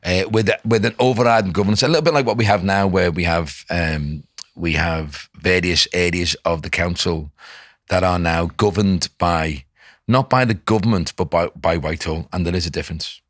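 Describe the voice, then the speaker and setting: Deep middle-aged guy, earnest, dry room. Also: normal speed, a bit bright, dry recording. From Liverpool. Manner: earnest, emphatic, restarts phrases. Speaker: guest. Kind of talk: casual conversation.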